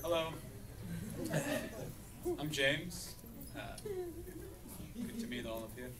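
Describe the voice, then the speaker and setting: A man's voice: mid-range voice, slow pace. A young man performing stand-up comedy on a university stage, speaking hesitantly with many fillers. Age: young adult. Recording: distant mic, loud crowd and noise. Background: audience laughter and ambience.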